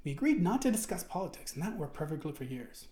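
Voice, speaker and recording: A man's voice: fairly high pitch, sing-song, quick pace, warm tone. Indignant man ranting in a roomy echo. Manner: indignant, rambling, with many restarts and swearing. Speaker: forum member answering his ban. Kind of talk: ranting commentary while reading forum posts aloud.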